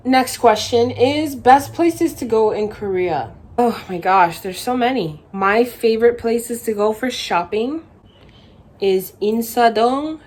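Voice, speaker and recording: A woman's voice: on the high side, takes it slowly. Chatty young woman telling travel stories. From Hawaii. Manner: chatty, animated, acts out quotes in other voices. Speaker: vlogger answering viewer questions. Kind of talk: casual storytelling Q&A.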